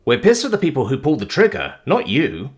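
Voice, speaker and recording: A man's voice: mid-range voice, huge pitch swings, fast talker, soft background music. A man narrating a first-person sci-fi story in a wry, casual manner. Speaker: audiobook narrator.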